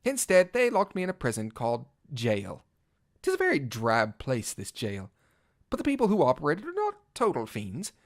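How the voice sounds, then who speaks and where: A man's voice: fairly high pitch, wildly swooping pitch, moderate pace. A man voicing a vain, gallant male cat-knight bard in a fan audio drama, speaking in flowery, old-fashioned words and shifting from pompous to flustered. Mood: dramatic. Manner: theatrical, swinging from pompous to flustered. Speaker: narrator. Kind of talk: first-person fan audio drama reading.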